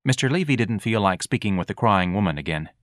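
A man reading a comic novel aloud with a wry, expressive storytelling manner. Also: on the low side, quick pace, dry recording, clean studio sound. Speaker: audiobook narrator. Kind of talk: audiobook narration.

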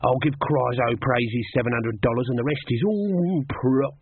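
A man's voice: medium pitch, moderate pace, slightly rough, dry recording. A man voicing a scheming male showman with wheedling sales patter, on a tinny recording. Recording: tinny lo-fi narrow sound.

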